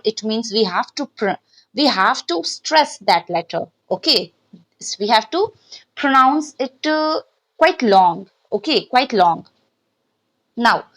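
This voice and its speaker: A woman's voice: fairly high pitch, rough recording. A woman, teaching language as an online tutor and often checking in with "okay". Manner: repeats and restarts, frequent "okay" checks. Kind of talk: explaining to camera, mixing English and Hindi.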